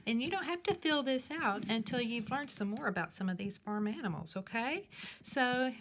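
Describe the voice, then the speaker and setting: A woman teacher speaking slowly and clearly in a sing-song way to young children in a recorded class, with her questions jumping high. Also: lively intonation, a little hiss or hum. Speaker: primary school teacher. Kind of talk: recorded remote class lesson.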